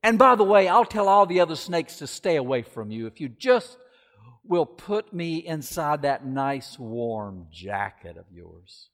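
A man's voice: fairly high pitch, sing-song, a little slow. A man voicing a sly, poisonous male snake that talks in a soothing, stammering, wheedling way, heard in an echoey hall. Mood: pleading.

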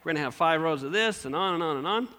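A male pastor preaching a sermon through an animated story, asking the congregation questions. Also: on the high side, fast talker, clean tone.

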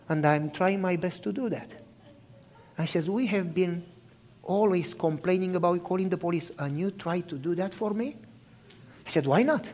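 Guy preaching with a story, bit high voice, acts out every line, goes soft and hushed at times. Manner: animated storytelling, acting out both sides of the talk; drops to a hushed, soft voice for tender moments. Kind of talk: sermon storytelling.

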